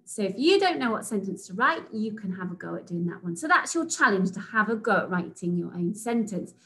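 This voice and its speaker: A woman teacher from England giving a recorded phonics lesson to young children, sounding out letters slowly and praising them. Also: medium pitch, very animated, fairly bright tone, rough recording. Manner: slow, sing-song, sounds out letters and praises. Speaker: reception class teacher.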